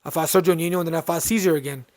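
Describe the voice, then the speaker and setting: Animated Texan man telling a story. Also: fairly high pitch, rapid-fire, no echo. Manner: animated, acts out quoted dialogue. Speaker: podcast host. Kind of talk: casual storytelling.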